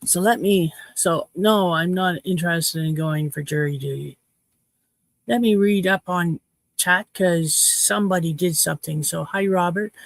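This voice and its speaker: A woman's voice: lowish voice, a little slow, dry recording. A woman in her fifties from Canada, casually chatting with her livestream viewers in a cheeky, playful way. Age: 50s. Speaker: livestream host.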